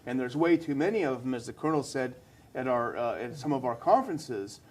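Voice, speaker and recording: A man co-hosting a casual political discussion, conversational and agreeable. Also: mid-range voice. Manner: conversational, agreeable, quick asides. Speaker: podcast co-host.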